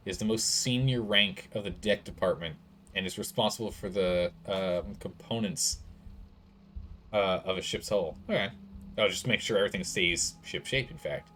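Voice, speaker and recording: A man commenting on his game stream in a casual, rambling way. He drifts into asides and chuckles at what he sees. His voice sits slightly low. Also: normal speed, fairly bright tone, slight background noise. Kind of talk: let's play commentary.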